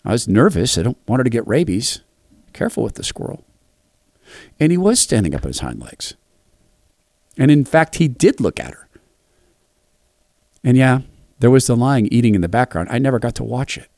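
A middle-aged man preaching a devotional talk, telling lively family anecdotes and acting out the voices. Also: medium pitch, a little fast, long pauses, dry recording, clean studio sound. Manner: animated, acts out voices in anecdotes.

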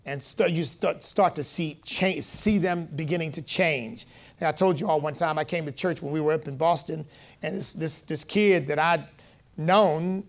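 High-voiced man preaching a sermon. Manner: conversational preaching with call-and-response amens; animated, rising loud when quoting. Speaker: pastor.

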